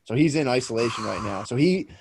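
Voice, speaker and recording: A man's voice: medium pitch, animated, fast talker, a little hiss or hum. A man co-hosting a podcast, telling rambling, profane stories in casual chat with lots of restarts. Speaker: podcast co-host.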